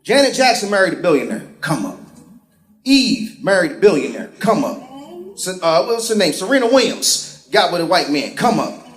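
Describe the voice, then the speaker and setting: On a comedy stage before a live crowd, a male stand-up comedian tells profane, sarcastic stories and puts on voices. His high voice swings widely in pitch at normal speed. The venue sounds roomy, with crowd laughter.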